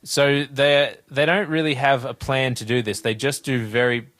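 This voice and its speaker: A man's voice: mid-range voice, level tone, moderate pace, fairly bright tone, dry recording. An Australian man co-hosting a comedy movie podcast, joking and riffing casually. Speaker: podcast co-host.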